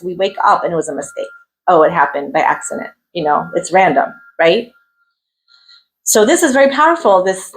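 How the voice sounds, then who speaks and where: Animated woman teaching a Torah lesson. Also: medium pitch, low-quality recording. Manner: lively, questioning, acts out the figures' voices; sprinkles Hebrew terms, rhetorical "right?". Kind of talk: weekly Torah portion class.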